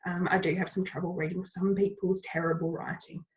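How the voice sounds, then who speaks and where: A woman's voice: on the low side, level tone, fairly quick, low-quality recording. A woman teacher with a cold, giving patient, step-by-step instructions in a recorded lesson and repeating the key points. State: has a cold, coughing.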